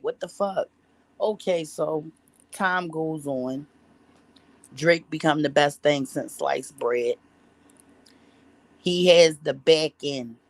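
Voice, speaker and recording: This woman vlogger has a low-pitched voice and the recording has no room sound. Her storytelling is rambling and full of restarts and asides, delivered bluntly with lots of swearing and slang.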